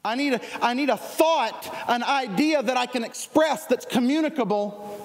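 A man preaching a sermon, energetic and conversational, often restarting his sentences. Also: very high voice, moderate pace. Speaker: pastor. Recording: long hall reverb.

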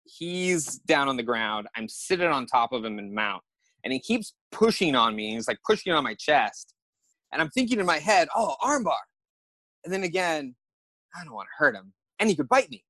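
A young man, a podcast guest, telling a story in a lively way and acting out his own thoughts. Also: fairly high pitch, normal speed, no echo. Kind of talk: animated storytelling.

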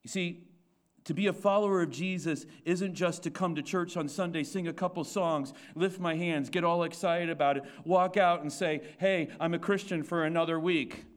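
A man's voice: fairly high pitch, fairly even intonation, moderate pace. A male pastor preaching a sermon to his congregation, asking rhetorical questions, repeating his points and restarting phrases as he goes.

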